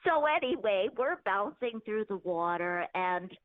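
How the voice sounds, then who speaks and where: An older woman telling a family story on a phone call, animated, laughing often and acting out what people said. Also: mid-range voice, measured pace, dry recording. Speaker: mother of the host, phone guest.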